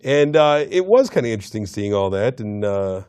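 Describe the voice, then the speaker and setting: A man's voice: fairly low pitch, normal speed, clean tone. A man co-hosting a film review show, chatting casually and acting out scenes in mock voices. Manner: animated, acts out lines in mock voices.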